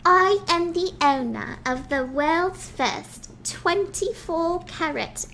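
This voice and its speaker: A very high, piercing voice shows off a treasure in slow, stretched-out words, smug and grating. She sounds bright and sharp-edged and lingers on every word as she boasts. A faint background hiss sits under the voice. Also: creaky, exaggerated voice. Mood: smug boasting. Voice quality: shrill and drawn-out. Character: smug, annoying high-pitched woman showing off a treasure.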